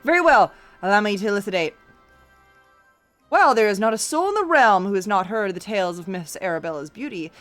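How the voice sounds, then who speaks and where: A woman reading game dialogue aloud as a pompous, theatrical gentleman detective who declaims every line. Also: medium pitch, lively intonation, a little fast, faint music behind, lightly acted. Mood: smug.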